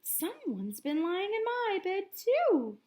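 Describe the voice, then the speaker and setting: A woman's voice: extremely high pitch, huge pitch swings, slow, dark tone, pitched above the performer's own voice, exaggerated voice. A woman putting on a wailing, fretful mother bear. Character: fussy, easily upset mother bear.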